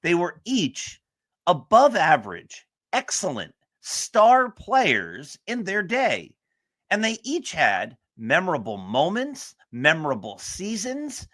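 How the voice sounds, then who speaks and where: A man's voice: high-pitched, wildly swooping pitch, slow, a bit bright. A man hosting a sports talk show, speaking in an earnest, emphatic way. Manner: earnest, emphatic motivational delivery. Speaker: show host.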